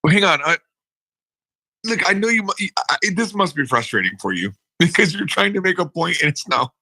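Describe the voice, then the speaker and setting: A man co-hosting a casual podcast conversation, animated and halting, with many restarts. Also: fairly high pitch, no echo, low-quality recording. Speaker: co-host.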